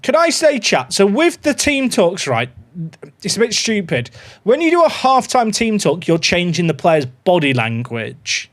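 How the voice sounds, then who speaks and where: A man live-streaming a football management game, chatting excitedly to his viewers and reacting to every goal. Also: high-pitched, unhurried. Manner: excitable, chatty, talks to his dog and chat. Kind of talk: live gameplay commentary.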